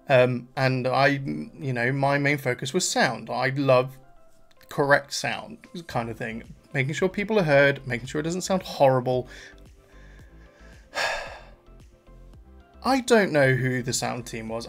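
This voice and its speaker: Chatty young man with a gravelly voice. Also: fairly high pitch. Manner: chatty and animated, laughs often, trails off with fillers. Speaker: reaction channel host. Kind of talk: casual vlog review.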